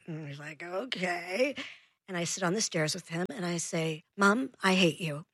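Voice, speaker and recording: Husky lady on the radio telling a parenting story, acts out the lines, dry close sound. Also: on the low side, moderate pace, no echo. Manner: animated, acts out dialogue in her story. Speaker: guest parenting expert.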